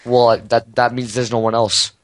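A man's voice: medium pitch, flat delivery, moderate pace, no echo. A young man joking around playfully while playing a video game with a friend. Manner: playful, goofy, bossy jokes. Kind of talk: casual gameplay chat.

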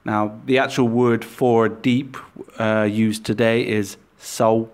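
A man teaching a language lesson, speaking deliberately and repeating example words for learners. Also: on the low side, little pitch movement, clean tone.

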